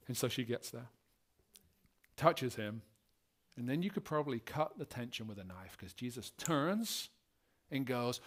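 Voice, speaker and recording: A man's voice: mid-range voice, fairly quick. A male pastor preaching a sermon and telling stories, acting out the scenes as he goes. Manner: animated storytelling, acting out scenes.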